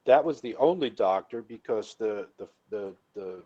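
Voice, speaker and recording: A man's voice: fairly low pitch, animated, normal speed, warm tone, breathy edge, lo-fi sound. A man chatting casually on a live call, enthusiastic and prone to repeating words as he starts a thought. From United States.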